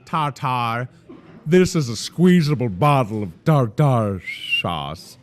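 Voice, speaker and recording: A man talks his way through a live in-store promo, rambling from topic to topic and cracking jokes. His pitch swings widely and sits in a middling register. The tone stays loose and upbeat. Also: big pitch swings, takes it slowly, slight background noise. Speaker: store show host. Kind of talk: casual live promo chat. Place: inside a grocery store.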